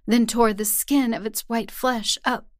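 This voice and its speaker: A woman narrating a first-person horror story in a tense, hushed way. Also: on the high side, steady tone, unhurried, no echo, studio quality. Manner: tense, hushed storytelling that rises to anguished cries.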